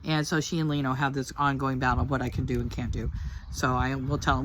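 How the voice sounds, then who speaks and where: An older woman with a deep, low-pitched voice talks straight to the camera, sharing a personal faith testimony. Her delivery is earnest and heartfelt, wandering casually from thought to thought. A faint background noise sits under her voice. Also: steady tone, a little fast. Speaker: Christian testimony speaker.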